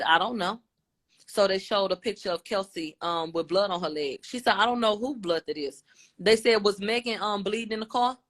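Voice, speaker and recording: Woman retelling a courtroom exchange. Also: mid-range voice. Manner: retells a dialogue, quotes each question and answer in a lively tone. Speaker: radio show host. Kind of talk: recounting court testimony, casual.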